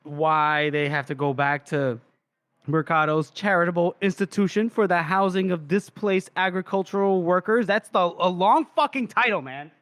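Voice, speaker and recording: A man's voice: high-pitched, normal speed, a bit bright, no room sound. A man co-hosting a podcast, retelling a novel's scenes in casual chat, acting out the characters' lines and laughing often. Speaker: podcast co-host.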